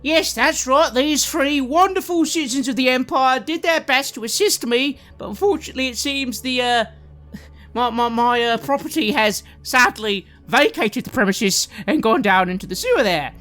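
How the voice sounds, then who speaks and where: A man's voice: moderate pace, pushed and bright. A man voicing a flustered middle-aged showman in a top hat, stammering and fussy, with music behind. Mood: flustered fussing. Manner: stammering, fussy, high-pitched.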